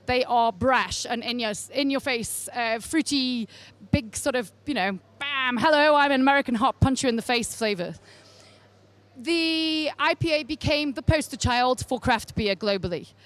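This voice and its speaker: An Englishwoman teaches a beer tasting class to a live group through a handheld microphone, keeping the talk informal, chatty and wry with asides to her group. Her voice sits high and is a bit bright.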